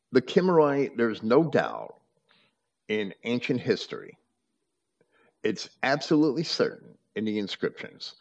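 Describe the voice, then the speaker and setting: A man holds forth in a conversational lecture, his voice sitting low but swinging widely in pitch. He trips over his own words, restarting and doubling them. The recording is dull and lo-fi. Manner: stammering restarts, repeats words. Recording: muffled lo-fi audio.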